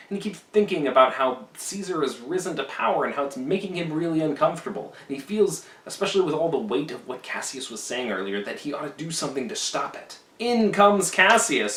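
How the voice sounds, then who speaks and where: Animated man summarizing a play in an echoey room. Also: mid-range voice, far from the mic. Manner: animated, slips into silly character voices for quoted lines. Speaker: literature teacher summarizing a play. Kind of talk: casual lecture summary with playful voiced quotes. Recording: echoey room, voice a bit off-mic.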